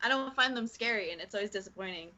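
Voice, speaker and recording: A woman's voice: mid-range voice, quick pace, lo-fi sound, a loud crowd. A woman chatting casually on a podcast, offhand and hedging her opinions. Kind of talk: casual chat.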